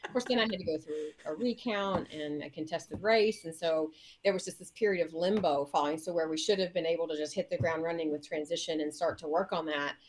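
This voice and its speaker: A woman mayor in an interview, telling a story in a lively way, laughing and acting out what people said. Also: fairly quick, poor audio. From Indiana, US. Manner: lively, laughing, acts out quotes with big pitch jumps. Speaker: mayor, guest.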